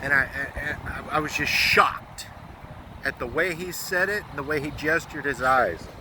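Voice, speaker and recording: A man's voice: fairly high pitch, moderate pace, noisy background. An American man telling a moving story in a vlog, earnest and close to tears, swearing bluntly. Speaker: truck driver vlogger.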